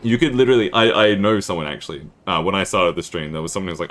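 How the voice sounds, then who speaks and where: A man's voice: fairly low pitch, big pitch swings, normal speed, pauses often, fairly bright tone, soft background music. A young Australian man from the Northern Territory, chatting casually and rambling while he livestreams a strategy game. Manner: rambling, self-deprecating, laughs often. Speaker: streamer.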